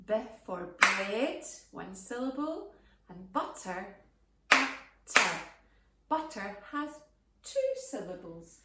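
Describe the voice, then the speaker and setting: Woman, preschool phonics teacher, very slow sing-song delivery, lively pitch, echoey room a little off-mic. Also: far from the mic, heavy background noise. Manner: very slow, exaggerated and animated, stretching words.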